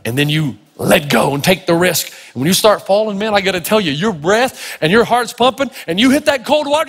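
High-voiced preacher guy from tennessee, folksy funny sermon stories, big echoey hall. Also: a little fast, few pauses, breathy edge. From Tennessee, United States. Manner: animated, folksy, humorous. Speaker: pastor. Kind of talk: sermon with storytelling.

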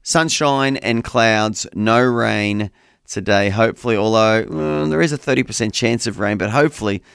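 A man's voice: fairly low pitch, normal speed, vocal fry, fairly bright tone, clear, resonant tone, dry recording, studio quality. Chatty male radio host. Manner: chatty, enthusiastic. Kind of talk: breakfast radio chat. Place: radio studio. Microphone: studio microphone.

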